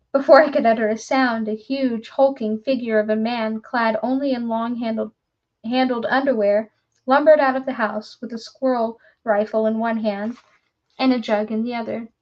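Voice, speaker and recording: A woman reading a story aloud in a measured, formal narrating style. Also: a little high, fairly even intonation, dull audio. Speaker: audiobook reader.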